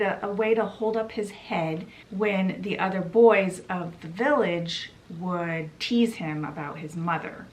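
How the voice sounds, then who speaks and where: Slow-talking woman retelling a book. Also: mid-range voice. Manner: chatty retelling with quoted voices. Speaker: book vlogger. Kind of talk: casual book summary.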